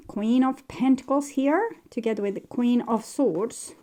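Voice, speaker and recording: A woman's voice: on the high side, measured pace, mellow. A woman giving a rambling tarot reading, talking in a hesitant, meandering way full of fillers and restarts. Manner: meandering, hesitant, many fillers and self-corrections. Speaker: tarot reader.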